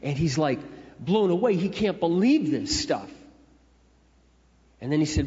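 A man's voice: fairly high pitch, very animated, a little slow, pauses often, darkish tone. A middle-aged man preaching a sermon in a conversational, storytelling way. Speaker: pastor. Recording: echoey hall, dull lo-fi sound.

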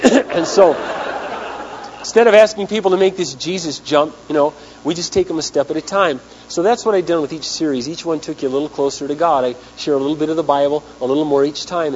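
A man's voice: on the high side, a little mellow. A man preaching a sermon as pastor, telling stories and asking the congregation rhetorical questions. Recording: dull lo-fi 1990s sermon tape with faint mains hum.

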